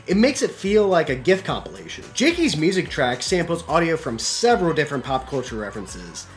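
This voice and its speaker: A man's voice: fairly high pitch, big pitch swings, fairly quick, soft background music. A man hosting a casual commentary video essay, making jokey, rambling asides.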